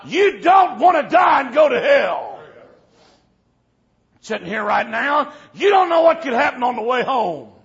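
Man, preacher, fiery revival sermon, high voice, muffled lo-fi recording. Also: very animated, a little slow, a faint crowd. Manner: builds from low storytelling to shouted warnings. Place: church service. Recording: dull lo-fi recording.

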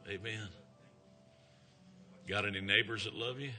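Southern evangelist with a sharp, low voice. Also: male voice, fairly even intonation, unhurried, soft background music. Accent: Southern American. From American South. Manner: folksy, emphatic, calls out "amen". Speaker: traveling evangelist. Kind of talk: revival sermon.

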